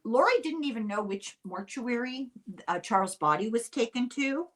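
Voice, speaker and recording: A woman's voice: a little high, lively intonation, a bit bright. Older woman, chatty storyteller. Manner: chatty and unhurried, dry asides. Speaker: podcast host. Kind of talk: casual true-crime storytelling.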